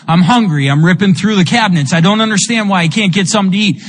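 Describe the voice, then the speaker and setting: A man's voice: sits high, quick pace. A man giving a raw, emotional recovery testimony, telling his story with lots of "like" and "you know.". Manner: emotional, with bursts of rueful laughter. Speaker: speaker sharing a recovery testimony. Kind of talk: personal testimony talk. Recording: long hall reverb.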